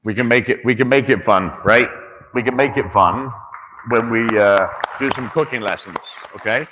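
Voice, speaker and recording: A man working as a chef, joking with and encouraging audience members in a casual, animated way. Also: medium pitch, normal speed, a little hiss or hum. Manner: jokey and encouraging, with restarts. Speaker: chef answering audience questions. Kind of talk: casual, animated conversational talk. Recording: echoey hall.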